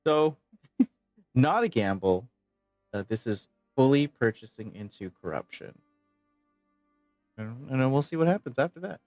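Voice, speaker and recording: A relaxed man running a tabletop game as game master, laughing often. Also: mid-range voice, unhurried, long pauses, no echo, soft background music.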